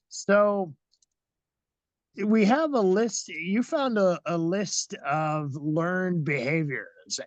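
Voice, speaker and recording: Man, slightly high voice, slow, hesitant, dry lo-fi mic, podcast co-host. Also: fairly bright tone, no room sound. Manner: hesitant, searching for words.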